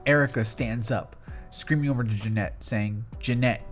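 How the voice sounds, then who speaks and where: A man's voice: fairly low pitch, moderate pace. A young man narrating a fan story in a loose, conversational play-by-play with run-on phrasing. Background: faint guitar music.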